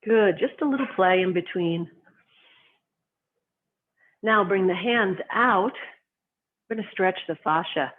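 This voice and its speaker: A qigong instructor with a mid-range voice calmly leads students step by step through slow movements and stretches, gently cueing each one. It's a guided movement lesson, and the recording sounds tinny, like a phone.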